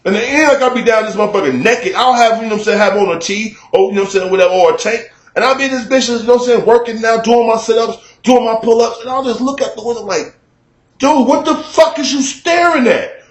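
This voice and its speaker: A man telling a story to his camera in a casual, animated, profane way, acting out shouts at a neighbor, recorded in a room at home. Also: high-pitched, quick pace, roomy sound. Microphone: camera mic.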